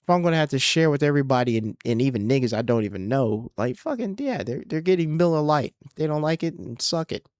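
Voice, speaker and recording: A man's voice: fairly high pitch, expressive, fast, few pauses, a little mellow, no room sound, clean studio sound. A young man hosting his own podcast, ranting casually and profanely, rambling and exasperated. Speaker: podcast host and comedian. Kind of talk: casual solo podcast rant.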